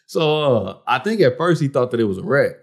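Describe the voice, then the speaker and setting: A man of middle pitch spins a story at an easy pace. His delivery is laid-back and slangy, full of "bro" and "man". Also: big pitch swings, a little fast, husky. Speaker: podcast co-host. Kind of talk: casual storytelling.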